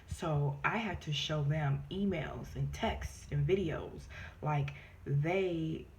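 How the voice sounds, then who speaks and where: A woman vlogs casually, telling her story with animated flair. Her voice sits low, and she often jumps up high to mimic others or drops to a near-whisper for asides. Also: slow. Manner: animated, acts out quoted voices in high pitch. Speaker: vlogger.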